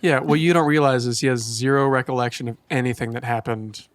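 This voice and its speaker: A man's voice: medium pitch, steady tone, quick pace, dry recording. A man on a podcast asking playful questions and riffing on absurd ideas in casual chat. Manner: joking, asks questions, riffs on absurd ideas. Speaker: podcast co-host.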